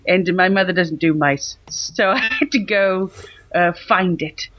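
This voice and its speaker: Over a remote call from a rural house in France, a man with a high-pitched, unhurried voice co-hosts a casual comedy podcast. He comes across as cheeky and camp, laughing often, and the recording lacks room sound and has its highs cut off.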